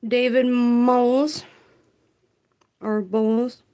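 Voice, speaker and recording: Slow-talking woman tarot reader. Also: on the high side, steady tone, a little mellow. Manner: chatty, reads viewer comments aloud, laughs often. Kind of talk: casual livestream chat.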